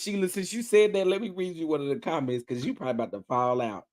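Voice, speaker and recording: A man hosting a livestream, ranting casually in a sassy, animated way and laughing often. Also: on the high side, fast. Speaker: livestream host.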